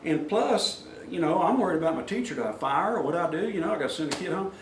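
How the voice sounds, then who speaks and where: A middle-aged speaker at a workplace safety meeting tells plain-spoken, folksy stories at a quick pace, his voice on the high side with lively intonation, and he acts out quoted voices. The meeting room sounds echoey, the mic is far off, and there's faint noise.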